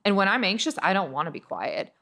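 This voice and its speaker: A woman's voice: mid-range voice, big pitch swings, fast, pushed and bright. A woman from Washington state, a beauty brand founder, talking in a heartfelt podcast interview in an earnest, reflective way, often restarting her sentences. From Washington, USA. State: emotional, near tears.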